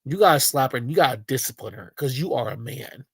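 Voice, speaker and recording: A man's voice: mid-range voice, lively intonation, fast talker, vocal fry, breathy edge, dry recording. A man streaming live, reacting to a video with crude, rambling commentary full of fillers. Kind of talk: casual livestream commentary.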